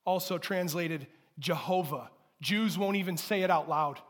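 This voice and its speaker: High-voiced pastor preaching. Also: male voice, unhurried. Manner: emphatic preaching, rising to loud declarations and dropping to soft asides; calls the congregation to repeat after him. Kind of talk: sermon. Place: church sanctuary before a congregation.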